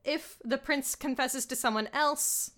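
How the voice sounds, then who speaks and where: A woman's voice: high-pitched, unhurried, fairly bright tone. A young woman in casual chat, reacting with enthusiasm and emotion as she talks through a movie with a friend.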